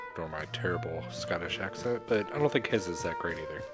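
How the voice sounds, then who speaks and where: A man with a fairly low voice commenting on a game he is playing. His delivery is relaxed and unhurried, dotted with ums as he explains what happens next. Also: soft background music. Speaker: game streamer. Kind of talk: let's play commentary.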